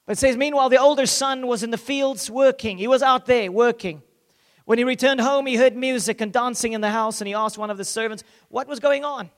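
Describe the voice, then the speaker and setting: In a large hall, a male pastor whose voice is strikingly high gives an impassioned sermon, alternating urgent, loud proclamations with quiet, hushed moments. Now and then he slips into the characters of the scripture he's reading in quick asides.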